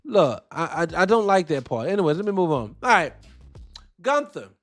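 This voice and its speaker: A man's voice: high-pitched, moderate pace. A man hosting a wrestling podcast, giving blunt, profane opinions in casual commentary and answering his chat. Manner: animated, blunt, profane, talks back to chat.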